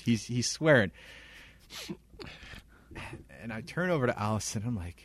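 A young man co-hosting a podcast, telling a story in casual chat, animated and laughing often. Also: mid-range voice, moderate pace, few pauses, no room sound. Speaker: podcast co-host.

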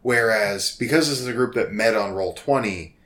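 A man's voice: on the low side, moderate pace, a bit bright. A man chatting casually about tabletop game characters, laid-back and laughing often. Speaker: tabletop gamer. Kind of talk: casual chat.

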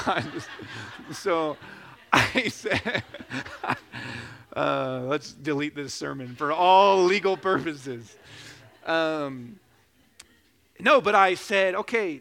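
A man in his thirties preaching a sermon, telling a joking personal story, then building to loud, slow emphasis. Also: on the high side, expressive, creaky. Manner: preaching with rising emphasis, slowing for key phrases; jokes and laughs during a personal story. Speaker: pastor.

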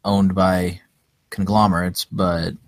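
A man's voice: deep voice, level tone, slow pace, dry recording. A man co-hosting a podcast in casual chat, easygoing and hesitant, with many ums and restarts. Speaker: podcast co-host.

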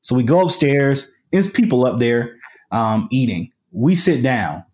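A man's voice: mid-range voice, very animated, measured pace, a little mellow. A man, a podcast guest, telling a story in a casual, colloquial way with lots of fillers and restarts. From United States.

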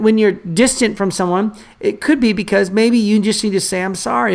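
A man's voice: high-pitched, gravelly. A man, a pastor and father of young children, preaching a sermon with emphatic repetition and casual asides. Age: adult father of young children. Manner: emphatic, repeats key phrases for the congregation; conversational asides and fillers.

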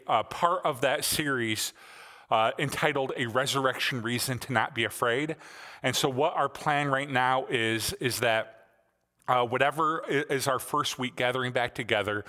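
A man's voice: mid-range voice, bright, forceful tone, big-room sound. A male pastor preaching a sermon in a conversational way, with frequent fillers.

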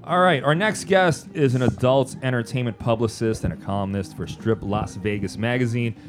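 A man hosting a podcast, chatting casually and throwing in quick jokes. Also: mid-range voice, faint music behind. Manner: quick comic remarks, lively delivery. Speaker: podcast host.

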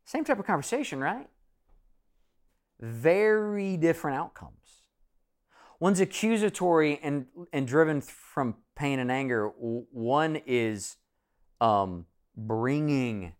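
A man's voice: mid-range voice, very animated, unhurried, pauses often. Conversational man preaching a sermon. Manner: conversational, self-deprecating, acts out quoted voices. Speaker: pastor.

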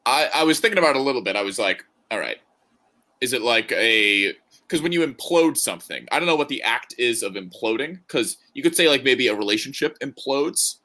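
A man's voice: mid-range voice, lively intonation, brisk, pushed and bright. A man co-hosting a podcast, chatting casually and joking as he rambles through his thoughts. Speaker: podcast co-host. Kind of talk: casual chat.

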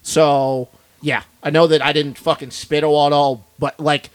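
A man's voice: a little high, level tone, unhurried, dry recording. A man co-hosting a podcast in a studio, ranting bluntly and swearing a lot in casual chat. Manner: blunt, profane, fired-up ranting. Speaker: podcast co-host.

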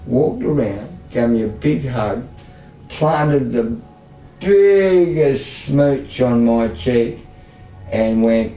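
A man's voice: medium pitch, lively intonation, extremely slow, mellow, faint music behind. A middle-aged Australian man talking openly and emotionally about his life, with blunt, self-mocking humor. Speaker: service user guest. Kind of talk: candid conversational storytelling. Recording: echoey room, distant mic, faint background noise.

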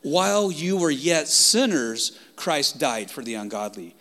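A man preaching a sermon with passion, swinging from loud outbursts down to hushed whispers. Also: mid-range voice, animated, normal speed, hardly any pauses.

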